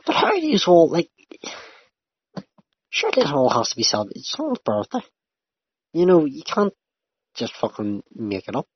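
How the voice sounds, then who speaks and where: A young man chatting casually as a podcast co-host, swearing freely and rambling in an animated way. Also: a little high, moderate pace, long pauses, husky. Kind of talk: casual chat. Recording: dull lo-fi sound.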